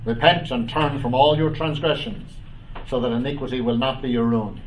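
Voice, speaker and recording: A man's voice: medium pitch, fairly even intonation, distant mic, slight background noise, rough recording. Man teaching scripture from afar. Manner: reads scripture aloud with comments; pauses with "uh" and "um". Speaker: preacher. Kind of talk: bible teaching.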